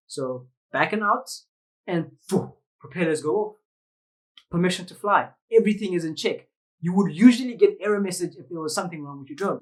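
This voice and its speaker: A man's voice: fairly high pitch, rough recording. A man with a South African accent, a vlogger animatedly telling a story to the camera, full of slang and sound effects. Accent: South African English. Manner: lively, slangy, uses sound effects and quoted voices.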